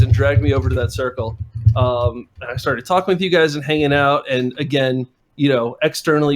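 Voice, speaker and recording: A man in his twenties with a slightly raised pitch chats casually as a guest. He spins a self-deprecating anecdote and slips into voices for the people he quotes. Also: a little fast, background noise. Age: 20s. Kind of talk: casual chat, anecdote telling.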